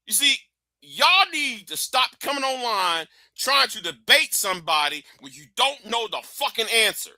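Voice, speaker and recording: A man hosting a live stream in a high, sharp, piercing voice. He rants with heated, profane fire and often breaks into shouts. The sound is close and dry, with no room echo. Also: sing-song, moderate pace. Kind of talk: ranting live stream monologue. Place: warm indoor room with a fan.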